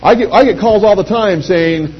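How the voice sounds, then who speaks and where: A middle-aged man giving an anecdotal pitch speech to a live audience, telling lively stories and acting out quoted voices. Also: moderate pace, slightly rough. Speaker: speaker addressing a sales audience. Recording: dull lo-fi recording with faint hum.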